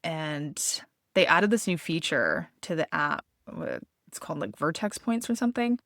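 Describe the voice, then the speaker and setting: A woman podcast host telling a personal story in a candid, expressive way, swearing freely. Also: sits low, normal speed, no room sound, studio quality.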